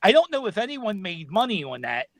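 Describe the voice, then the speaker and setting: A man in casual podcast chat, halting and repetitive with a wry tone. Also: high voice, big pitch swings, fairly bright tone, no echo.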